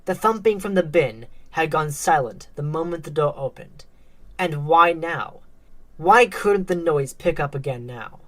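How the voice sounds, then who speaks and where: Slow, low-voiced woman narrating a story. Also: expressive.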